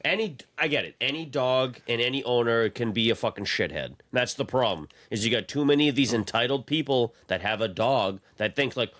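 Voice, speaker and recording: A man's voice: medium pitch, fairly quick, few pauses, fairly bright tone. A man, co-hosting a podcast in casual chat, blunt and profane as he rants. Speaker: podcast co-host.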